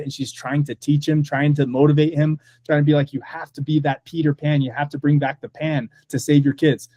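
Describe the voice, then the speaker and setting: A man's voice: medium pitch, mellow, dry recording. A man co-hosting a casual movie podcast, talking with enthusiasm and leaning on "like" as a filler. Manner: enthusiastic, heavy use of "like". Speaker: podcast co-host.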